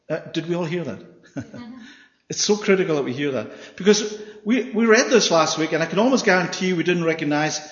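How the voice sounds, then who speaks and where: A man preaching a sermon with emphasis, often checking in with his listeners by asking "Yeah?". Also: on the high side. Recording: echoey hall, dull sound.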